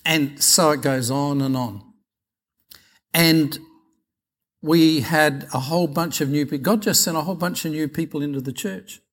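A man's voice: fairly high pitch, moderate pace. Chatty Australian man preaching. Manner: chatty anecdotal, animated retelling of dialogue. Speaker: pastor. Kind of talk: sermon storytelling.

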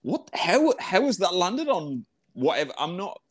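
Animated, sweary man. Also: high-pitched, measured pace. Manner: animated, sweary, incredulous storyteller. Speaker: podcast co-host. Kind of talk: casual chat.

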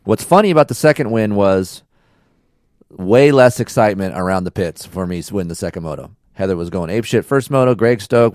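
A man with a fairly low voice chats on a casual podcast and tells a story in a relaxed, slangy way. The sound is dry and close, with no room echo. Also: fairly quick. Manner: laid-back storytelling with slang. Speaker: podcast host. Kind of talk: casual chat.

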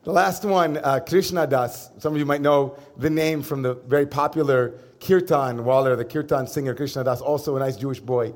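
A man, a rabbi, giving a sermon to a congregation, telling a personal story in a casual, humorous way with pauses and fillers. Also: medium pitch. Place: synagogue service before a congregation.

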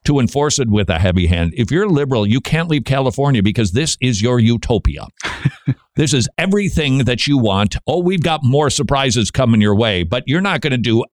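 A man's voice: mid-range voice, expressive, normal speed, dry recording, studio quality. A man hosting a talk radio show, delivering a monologue full of wry, joking asides.

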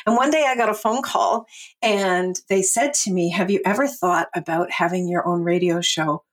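A middle-aged woman telling her life story as a podcast guest, animated and laughing often as she acts out what she and others said. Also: lowish voice, moderate pace. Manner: animated, laughs often, quotes herself in voices.

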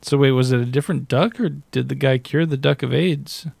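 A man's voice: mid-range voice, brisk, vocal fry, darkish tone, husky, dry recording. A man co-hosting a podcast, rambling and sarcastic in casual, crude banter. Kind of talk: casual comedic chat.

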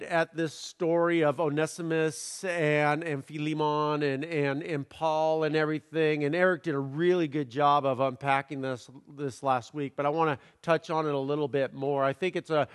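A man's voice: a little high, smooth. A man, a pastor, giving a sermon with playful puns and many fillers and repeated words. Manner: playful, punning delivery. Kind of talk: sermon with jokes. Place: church sanctuary. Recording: long reverb of a large hall.

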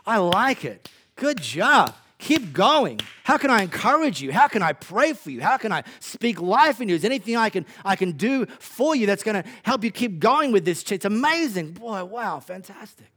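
An effusive, cheering male fan , voiced by a preacher, heaping on praise and encouragement in a fairly high voice. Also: sing-song, moderate pace, few pauses, sharp tone, slight background noise, exaggerated voice. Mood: gushing. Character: gushing supportive male fan.

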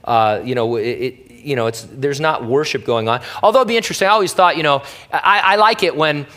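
A man's voice: mid-range voice, fairly quick, pushed and bright. A man preaching as a pastor, teaching through a Bible passage in a casual, wry way with playful asides.

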